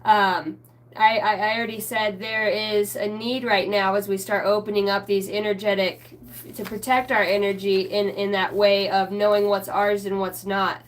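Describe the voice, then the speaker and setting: A woman's voice: medium pitch, flat delivery, normal speed. A woman giving a casual livestream spiritual reading. She rambles, trails off mid-thought and swears now and then. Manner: self-mocking aside, often trailing off mid-thought. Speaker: spiritual reader answering viewers live.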